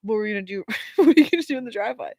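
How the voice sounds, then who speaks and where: A woman's voice: medium pitch, animated, racing, warm tone, dry recording. A young woman co-hosting a podcast in casual chat, teasing and laughing often. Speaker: podcast co-host.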